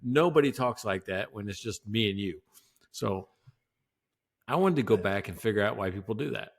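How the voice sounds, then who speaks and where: Male podcast co-host, lowish voice, animated and jokey, laughs a lot. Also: moderate pace. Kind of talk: casual podcast chat.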